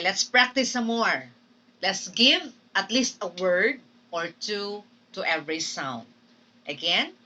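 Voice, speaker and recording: Her voice sits on the low side with a sharp tone, captured from a distance in poor audio. The Filipino-accented teacher from the Philippines patiently lectures a class on English pronunciation, drilling words over and over.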